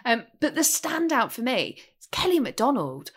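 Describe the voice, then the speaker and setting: A woman's voice: on the high side, big pitch swings, moderate pace, slightly rough. A woman gushing emphatically about performances in a casual film review chat. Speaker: podcast co-host.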